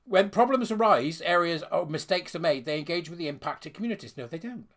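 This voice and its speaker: Scornful man, forceful voice. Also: a little high, animated, fairly quick. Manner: scornful, sarcastic, insulting. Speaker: commentator. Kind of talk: ranting commentary on a letter.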